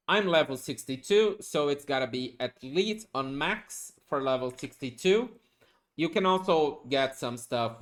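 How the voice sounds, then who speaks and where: A gaming guide creator walks through a casual game tutorial as he plays, chatty and explanatory, often closing points with a questioning "okay?" He has a medium-pitched voice and gets excited when he spots good items.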